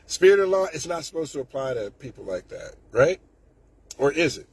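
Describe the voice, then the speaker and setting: This man's voice is fairly high, sing-song and husky, and he talks a little fast. He delivers a casual political rant as a commentator, indignant and sarcastic, restarting his sentences often.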